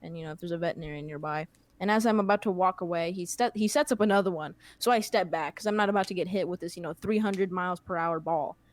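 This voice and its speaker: A woman's voice: lowish voice, fast talker, dry recording. A young woman hosting a podcast, telling a long anecdote in a casual, rambling way with plenty of fillers. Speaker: podcast host. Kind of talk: casual storytelling chat.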